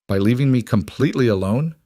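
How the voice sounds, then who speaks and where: A man's voice: mid-range voice, expressive, fast talker, warm tone, no echo, clean studio sound, pitched above the performer's own voice, close to an everyday voice. A man voicing a young frontier widow who answers her town firmly. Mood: defiant. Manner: firm, defiant. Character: young widow, hurt but defiant.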